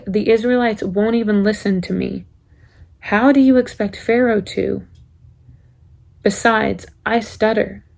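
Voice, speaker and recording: Young woman preaching casually, gravelly edge. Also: medium pitch, dark tone. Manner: conversational, acts out quoted excuses. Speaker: youth speaker. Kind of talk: casual sermon.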